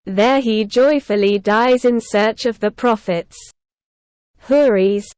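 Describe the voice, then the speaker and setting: A woman voicing a robust, calm male Turkish sea captain who speaks with dry irony, in a storybook reading. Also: a little high, slow pace, clear, resonant tone, no echo. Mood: calm, ironic. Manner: steady and even, with a dry ironic edge.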